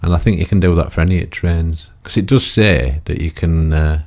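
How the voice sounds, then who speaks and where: A man's voice: deep voice, moderate pace, darkish tone. An older man giving rambling, chatty commentary on his own gameplay, full of tag questions and self-mocking asides. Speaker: gaming YouTuber.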